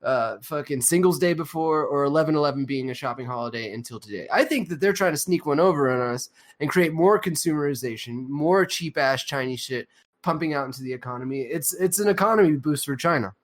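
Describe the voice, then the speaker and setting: A man's voice: a little high, lively intonation, fairly quick. Rambling, cursing podcast host man. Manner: rambling, profane, many fillers. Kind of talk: casual podcast chat.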